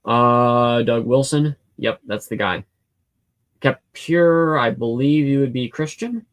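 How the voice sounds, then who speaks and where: A man's voice: medium pitch, slow pace. A man in his home hosts a live question-and-answer stream, reading out viewer comments. His voice sits in an ordinary middle range. He talks in a loose, rambling way, full of fillers and restarts. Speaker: livestream host answering chat questions. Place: home room with a cat.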